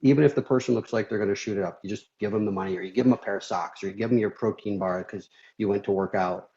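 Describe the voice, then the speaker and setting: A man's voice: fairly low pitch, fairly even intonation, very fast, mellow. A middle-aged man from Minnesota, a surgeon guest on a podcast, talking candidly and rambling with many "you know" fillers. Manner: rambling, frequent "you know" fillers, laughs while telling stories. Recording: slightly dull lo-fi audio.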